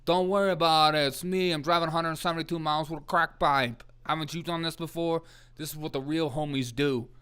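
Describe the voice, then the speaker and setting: A man's voice: a little high, steady tone, a little fast, a bit bright, clean tone, close to an everyday voice. A man voicing a brash, boastful son of a politician, swaggering through his lines. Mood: cocky. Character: brash young male politician's son, cocky.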